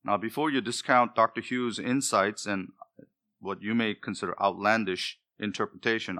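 Bright-voiced male preacher, emphatic. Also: on the low side. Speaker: pastor. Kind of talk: sermon.

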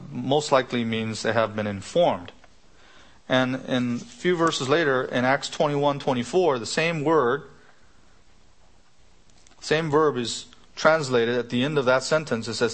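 A middle-aged man delivers an expository sermon at a mid-range pitch. He teaches patiently, unpacking Greek word roots and checking in with rhetorical questions. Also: a bit bright. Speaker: preacher.

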